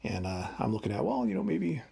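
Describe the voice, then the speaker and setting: A man's voice: fairly high pitch, huge pitch swings, fairly quick, vocal fry, mellow, husky. A man in his fifties giving a wry, conversational devotional talk as a preacher. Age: 50s.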